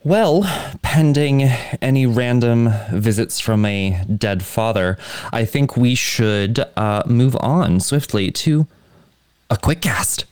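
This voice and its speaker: A man's voice: mid-range voice, lively intonation, slow, darkish tone, smooth. A man co-hosting a casual podcast about musical theatre, playful and campy, slipping into silly put-on voices. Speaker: podcast co-host.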